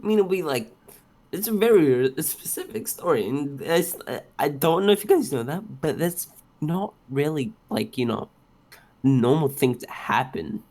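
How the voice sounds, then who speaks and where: A man's voice: a little high, moderate pace. A teenage man co-hosting a casual podcast, telling stories with lots of swearing and acting out the dialogue. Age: teens. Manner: animated, swearing, acts out dialogue. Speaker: podcast co-host. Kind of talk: casual chat, storytelling.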